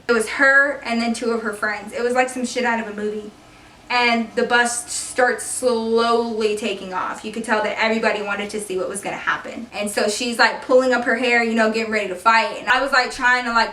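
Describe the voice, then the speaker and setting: A young woman in her twenties casually telling a story on her vlog, animated and swearing freely. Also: a little high. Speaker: beauty vlogger telling a story. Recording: echoey room, far from the mic.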